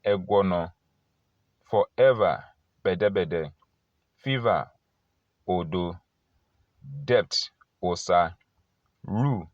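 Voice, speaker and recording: Slow, deep-voiced man reading a word list. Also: no echo. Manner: slow, deliberate word-by-word reading, English word then translation. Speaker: language teacher. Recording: dull lo-fi recording.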